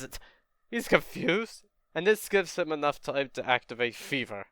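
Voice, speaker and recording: A man's voice: a little high, very animated, moderate pace, a bit bright, smooth, no room sound, clean studio sound. A young man casually retelling a fan story, laid-back and chatty.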